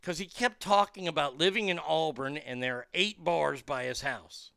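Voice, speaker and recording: Comedian guy swearing thru a story, kinda high voice, crisp and clear. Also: normal speed, dry recording, clean studio sound. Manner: animated, profane, lots of fillers and restarts. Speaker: comedian and podcast guest. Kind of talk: casual storytelling.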